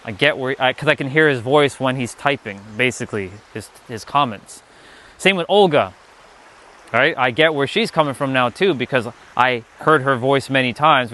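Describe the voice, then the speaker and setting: A man's voice: mid-range voice, fairly bright tone. A young man giving a casual live-stream talk as a spiritual teacher, rambling and restarting his sentences often.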